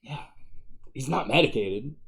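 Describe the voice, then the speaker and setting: A man's voice: medium pitch, expressive, unhurried, fairly bright tone. A man co-hosting a podcast in casual, profane banter, joking and rambling, now and then putting on silly impressions. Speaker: podcast co-host.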